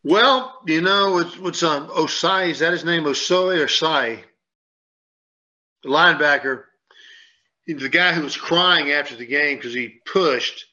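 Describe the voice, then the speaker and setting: A man's voice: on the high side, measured pace, bright, forceful tone. A man on a sports radio show, rambling and repeating himself as he tells a story and acts out what people said. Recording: dull lo-fi sound.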